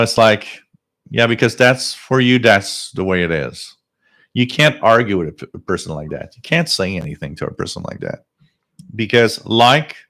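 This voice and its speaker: A man hosting a live radio-hobby stream, ranting emphatically and rising toward near shouting. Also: fairly low pitch. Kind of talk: live-stream talk and rant.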